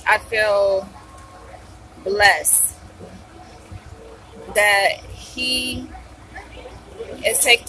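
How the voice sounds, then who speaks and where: Excited woman vlogging with her mouth full, y'all this y'all that, cars going by loud behind her. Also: fairly high pitch, noisy background. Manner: excited, gushing, addresses viewers as y'all. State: eating while talking. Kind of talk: casual vlog to viewers.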